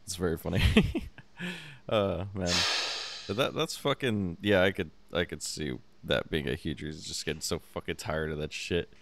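A young man speaks with a very deep, low voice in a loose podcast conversation. He talks in a relaxed, halting way, leaning on filler words and often laughing. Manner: laid-back, filler-heavy, laughs often. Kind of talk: casual chat.

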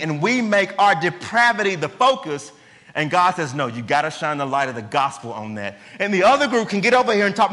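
A man's voice: sits high, sharp tone. A man preaching a sermon, emphatic and conversational, asking his listeners questions. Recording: long hall reverb.

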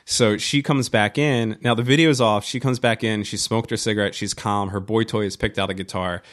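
Brief: guy on a podcast, lowish voice, rambling story, swears a lot, keeps restarting. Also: fairly even intonation, moderate pace, a bit bright. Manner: rambling, profane, many restarts and fillers. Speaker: podcast co-host. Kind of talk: casual storytelling chat.

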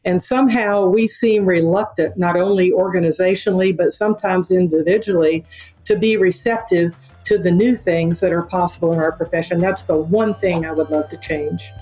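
An older woman with a somewhat low voice, speaking as a guest in a conversational interview. She talks with enthusiasm and leans on the points she wants to stress. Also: fairly even intonation, normal speed, warm tone, faint music behind, poor audio. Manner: enthusiastic, emphatic. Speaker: veterinary dean, podcast guest.

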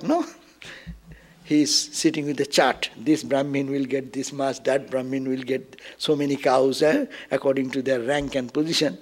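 A male spiritual teacher giving a discourse on a scripture story. He tells it in an animated way, chuckles often and keeps adding rhetorical asides to explain it. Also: mid-range voice, normal speed.

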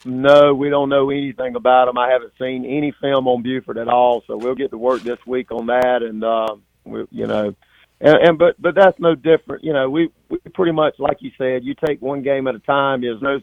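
A man, a high school football coach, talking haltingly after a game with many fillers and restarts. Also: steady tone, gravelly, dry recording. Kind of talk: postgame phone interview. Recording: tinny, dry phone line.

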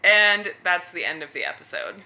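A woman co-hosting a podcast, recapping a TV episode in chatty, lively storytelling. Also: lowish voice, normal speed. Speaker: podcast co-host. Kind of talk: casual recap chat.

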